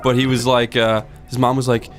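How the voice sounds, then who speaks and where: A man in the middle of his voice range tells a long, rambling anecdote during a gaming session, breaking into shrill impressions of the people in the story. Loud game music plays underneath. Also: flat delivery, brisk. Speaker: co-host of a gaming show. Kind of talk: casual storytelling over gameplay.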